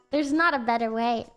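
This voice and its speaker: A woman's voice: a little high, a bit bright, clean tone. A woman with an American accent chatting casually on a livestream, giggly and rambling with lots of "like" fillers.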